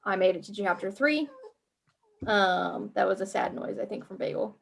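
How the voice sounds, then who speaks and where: A woman's voice: mid-range voice, expressive, normal speed, creaky. A woman co-hosting a podcast in casual gaming chat, chatty, swearing freely and acting out her own reactions as she talks. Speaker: podcast co-host.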